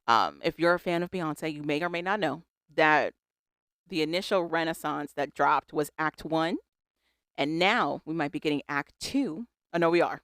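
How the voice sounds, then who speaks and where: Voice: mid-range voice, fairly bright tone, dry recording, studio quality. A podcast co-host in casual pop-culture chat, reading a celebrity statement aloud and adding wry asides.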